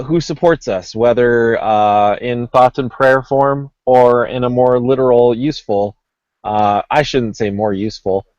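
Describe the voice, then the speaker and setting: A man's voice: medium pitch, clean tone, dry recording, rough recording. A man hosting a casual gaming podcast, rambling with lots of ums and uhs and poking fun at himself. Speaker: podcast host.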